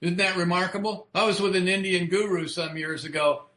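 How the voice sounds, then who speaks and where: Man, recovery talk, frank, rhetorical questions, tense bright tone, roomy echo. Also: high voice, fairly even intonation, fairly quick. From United States. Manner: earnest and frank, swearing freely, asking the listener rhetorical questions. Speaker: recovery speaker.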